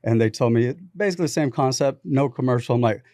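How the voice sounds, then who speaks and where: Male podcast guest, mid-pitched, animated storyteller, dry close studio mic. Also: fast, no room sound. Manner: animated anecdotes with quoted dialogue. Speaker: podcast guest, business founder. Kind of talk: casual storytelling.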